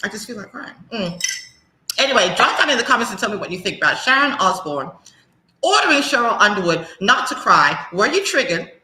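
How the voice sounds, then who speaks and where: Sassy London woman host, bright lively delivery, roomy echo. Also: medium pitch, a little fast. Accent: London English. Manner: sassy, emphatic and animated. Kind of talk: opinionated talk-show monologue.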